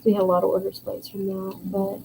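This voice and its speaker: A woman's voice: medium pitch, monotone, fast talker, creaky, warm tone, slight background noise, rough recording. A woman with a Southern US accent, co-hosting a casual chat show in a chatty, drawling way with many fillers. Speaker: podcast co-host.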